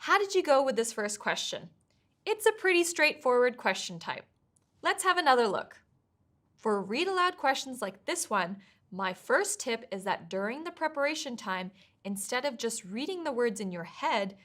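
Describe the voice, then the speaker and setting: Clear, measured woman teaching test prep. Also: fairly high pitch, fairly bright tone. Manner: clear, measured, encouraging explanation. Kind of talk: scripted instructional narration.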